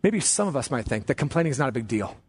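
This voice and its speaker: A man preaching a sermon as pastor, emphatic, slowing down and rising on key commands. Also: medium pitch, big pitch swings, breathy edge.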